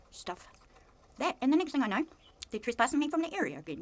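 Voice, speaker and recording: A woman's voice: very animated, quick pace. Agitated woman with a New Zealand accent. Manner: agitated, accusatory, swings between low muttering and loud outbursts. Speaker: vlogger. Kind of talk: impassioned monologue to camera.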